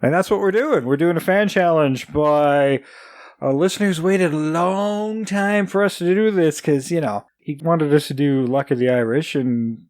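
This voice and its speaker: A man's voice: a little high, normal speed, a little mellow, no room sound. A man hosting a podcast in casual chat, joking and chuckling often. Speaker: podcast host.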